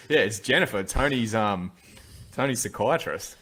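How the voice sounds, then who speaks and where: A man's voice: lowish voice, lively intonation, normal speed, fairly bright tone. A man hosting a podcast, reviewing a film in loose, rambling casual chat with lots of restarts. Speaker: podcast host.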